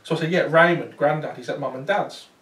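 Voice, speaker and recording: This paranormal investigator has a fairly high voice and talks quickly. He is at a venue before a small crowd, telling a loose, chatty tale with many ums and restarts, recorded from far away with a roomy echo.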